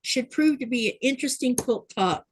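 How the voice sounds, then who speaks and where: A woman's voice: high-pitched, lively intonation, normal speed, husky, rough recording. A woman hosting a sewing livestream, chatting casually and reading viewer comments aloud. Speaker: livestream host. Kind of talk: casual chat while sewing.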